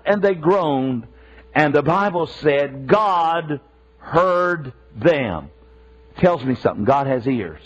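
A man preaching a sermon with passion, repeating himself for emphasis. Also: high-pitched. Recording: dull lo-fi sermon recording.

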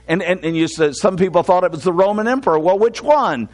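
An older man preaching from the pulpit in a notably high-pitched voice. He draws his warnings out slowly for emphasis, then slips into easy, folksy storytelling. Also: darkish tone. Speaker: pastor. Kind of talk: sermon.

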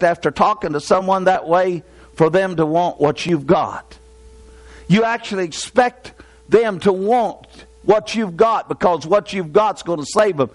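High-voiced, slow, impassioned male preacher. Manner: impassioned, repetitive preaching cadence. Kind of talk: sermon.

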